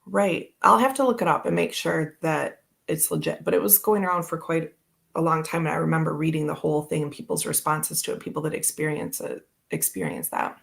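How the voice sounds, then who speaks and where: Chatty gravelly-voiced woman vlogger. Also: deep voice, steady tone, brisk. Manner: chatty, rambling, laughs often. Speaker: tarot channel host. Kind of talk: casual live-stream chat.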